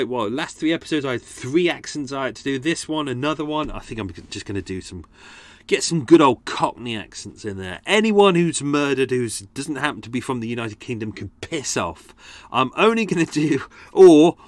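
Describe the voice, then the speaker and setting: A man's voice: mid-range voice, expressive, moderate pace, dry recording. A man hosting a podcast, chatting casually in a rambling, sweary and self-mocking way. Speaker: podcast host. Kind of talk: casual chat.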